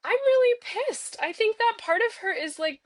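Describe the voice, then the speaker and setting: A woman's voice: extremely high pitch, lively intonation, moderate pace, no echo. A young woman in playful, bubbly parts-work role-play, speaking as an inner part of herself and filling her talk with "like.". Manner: playful and bubbly, many filler "like"s.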